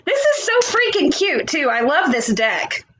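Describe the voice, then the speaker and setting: A woman with a high voice gives a tarot reading on a casual livestream. She gushes over the cards and talks chattily, trailing into long pauses. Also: very animated, fairly bright tone, a little hiss or hum, poor audio. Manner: gushing, chatty, drawn-out pauses. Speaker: tarot reader.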